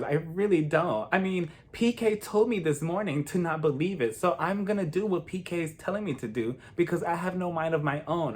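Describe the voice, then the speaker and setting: A man giving a casual, gossipy recap of a reality show, dramatic and animated, laughing often. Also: a little high, normal speed, hardly any pauses. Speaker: reality TV reviewer.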